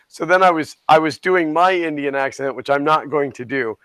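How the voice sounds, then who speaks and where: A Minnesota man with a somewhat high, bright, clean voice talks a little fast on a dry recording. Co-hosting a livestream, he's a chatty storyteller in casual conversation who laughs easily.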